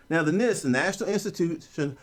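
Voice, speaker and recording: A man teaching an online course, explaining concepts in a joking, story-driven way. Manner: animated, joking storyteller with a lively pitch. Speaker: course instructor. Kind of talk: recorded online lecture.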